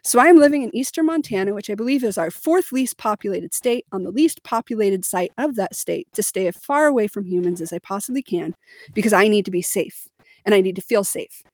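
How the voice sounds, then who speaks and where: Young adult woman, podcast co-host, candid and emphatic storytelling, mid pitch, dry recording. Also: fairly quick, darkish tone, dry recording. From Missouri, United States. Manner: candid and emphatic, with laughs and fillers. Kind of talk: personal storytelling in a podcast chat.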